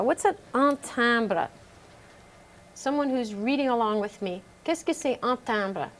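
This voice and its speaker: A middle-aged woman teaching French to a remote class, reading French sentences aloud and translating each one into English with many fillers. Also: on the high side.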